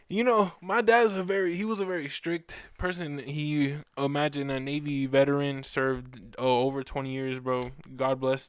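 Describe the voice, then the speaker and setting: Young male fan-show host, slangy and animated, slightly high voice, smooth and dry close sound. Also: dry recording. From Orlando, Florida. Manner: animated, slangy, says bro a lot. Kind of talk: casual storytelling chat.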